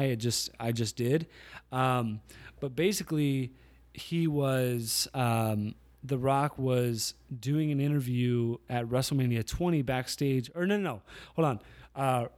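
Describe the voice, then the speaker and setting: A man's voice: mid-range voice, a little mellow. A man hosting his own podcast, chatting casually and rambling as he tells stories, often correcting himself as he goes. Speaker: podcast host. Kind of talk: casual solo podcast chat.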